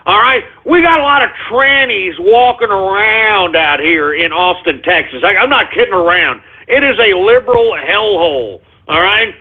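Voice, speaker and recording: Brief: male call-in radio host, high, swooping, hoarse-edged voice, angry rant, tinny phone-like sound. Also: animated, normal speed, hardly any pauses. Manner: angry ranting, shouting.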